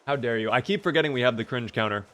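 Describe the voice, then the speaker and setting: A man's voice: mid-range voice, racing, a bit bright. A man streaming a video game live, chatting upbeat with his viewers as he plays. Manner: upbeat, chatty, talks to himself and chat.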